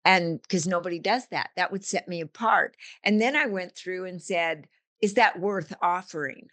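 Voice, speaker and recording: A woman's voice: on the low side, normal speed, bright, forceful tone. An older woman, a coach and author, talking casually in an interview and telling stories with vivid analogies. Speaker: guest, business coach and author.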